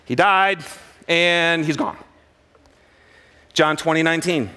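A pastor preaches a sermon at a slow pace, his clear, resonant voice swinging from hushed, dramatic lows to loud, excited bursts. He drops in jokey asides along the way.

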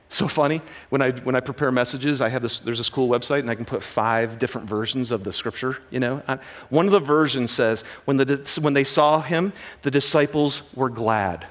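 A man preaching a sermon as a pastor, swinging from hushed, dramatic lows to loud, excited bursts, with jokey asides. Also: normal speed.

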